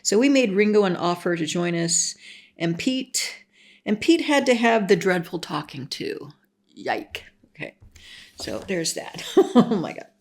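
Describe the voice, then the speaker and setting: A woman's voice: fairly low pitch, expressive, a little slow. Chatty giggly woman reading a book aloud. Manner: chatty and giggly, with filler-laden asides. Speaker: book vlogger. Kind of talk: casual chat reading book excerpts aloud.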